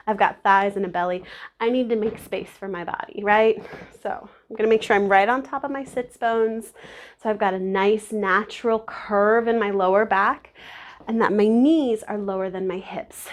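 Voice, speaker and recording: A woman teaching a beginner yoga class. She talks in a warm, encouraging and emotional way and often checks in with "right?". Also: mid-range voice. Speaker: yoga instructor.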